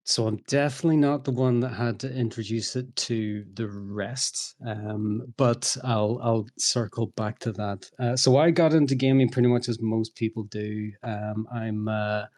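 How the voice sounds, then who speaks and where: An Irish man talking as a guest on a podcast, joking and filling pauses with "uh" and "um", heard over a remote call. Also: mid-range voice, steady tone, darkish tone. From Ireland. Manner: joking, lots of "uh" and "um". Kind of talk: casual chat.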